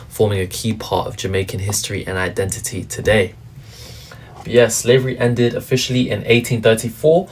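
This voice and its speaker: A man's voice: on the low side, darkish tone. A man narrating a history explainer in a casual way, with frequent "but yeah" fillers. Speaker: commentary narrator.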